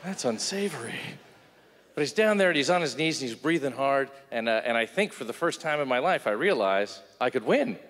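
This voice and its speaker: A man doing a stand-up comedy set, telling stories in an animated way and acting out voices. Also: medium pitch, fairly quick. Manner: animated storytelling, acts out voices. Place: comedy club stage. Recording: live stage with hall reverb.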